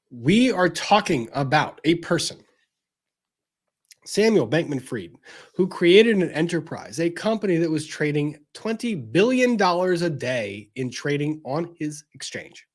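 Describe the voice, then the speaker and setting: A man hosting a show, delivering a heated, profane rant that swings between loud outbursts and low, intense repetition. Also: big pitch swings, measured pace. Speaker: show host. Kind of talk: ranting commentary.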